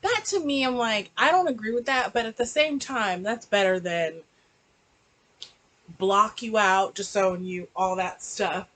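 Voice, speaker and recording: A woman's voice: mid-range voice, measured pace, fairly bright tone, rough recording. A woman chatting animatedly in a casual reaction review, recorded on a laptop mic and slipping into mocking voices. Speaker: book and TV reviewer.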